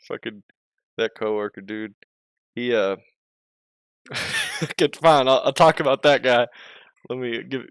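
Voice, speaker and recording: A man's voice: mid-range voice, a bit bright, clean tone, no room sound, studio quality. A man streaming and chatting casually, rambling, interrupting himself, swearing and laughing often.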